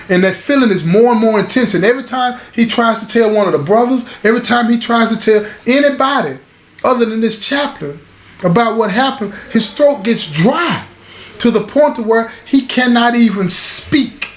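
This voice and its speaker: A man telling a story casually and emphatically, repeating lines and speaking straight to his listeners. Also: sits high. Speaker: storyteller host. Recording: roomy echo, faint background hiss.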